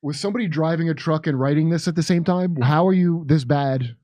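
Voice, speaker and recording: Comedian guy talking fast and mocking stuff, dry sound. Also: on the high side, darkish tone, no echo. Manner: wry, mocking quips. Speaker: comedian guest. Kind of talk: casual political chat.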